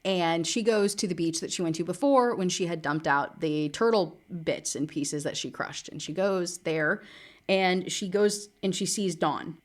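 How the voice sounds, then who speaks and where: A woman ranting through a book recap, exasperated and sarcastic, breaking into laughs. Her voice sits a little low, and she talks fast and loose. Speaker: book reviewer. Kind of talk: casual rant book review.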